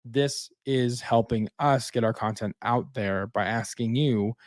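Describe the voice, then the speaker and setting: A man's voice: mid-range voice, unhurried, no echo, clean studio sound. A man co-hosting a casual podcast, wrapping up with plugs and dad jokes. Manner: jokey, tells dad jokes. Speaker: podcast co-host.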